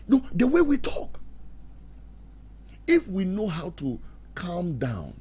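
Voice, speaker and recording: His husky voice sits high as this middle-aged man speaks slowly, pausing often, while giving marriage advice like a radio talk-show preacher. He's animated, voicing quarrels in put-on tones and laughing at his own jokes. The recording has faint background noise.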